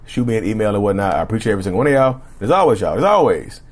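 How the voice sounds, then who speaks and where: Hosting a casual solo podcast, a man with a fairly low, sing-song voice races along, rambling and repeating himself. His throat is slightly rough and he keeps clearing it, often asking listeners "right?".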